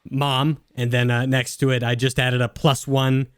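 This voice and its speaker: A man playing his character in a tabletop game, talking in a halting, hesitant way. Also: mid-range voice, flat delivery, clean tone, no echo, studio quality. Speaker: player.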